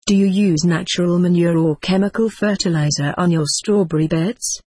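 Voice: medium pitch, fairly even intonation, moderate pace, a little mellow, slightly rough, no room sound, natural voice. A reader voicing a polite, distracted visiting clergyman in a storybook. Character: visiting clergyman, male guest.

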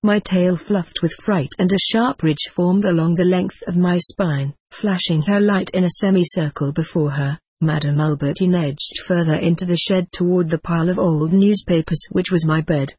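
An audiobook narrator giving a steady, measured first-person storybook reading told as a cat. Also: medium pitch, husky, no echo.

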